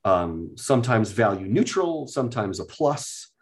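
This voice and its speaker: A man, a guest, explaining things step by step in a casual talk, often pausing with "um". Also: on the low side, sing-song. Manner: explains methodically, with many hesitations and "um"s. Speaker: guest, card deck inventor.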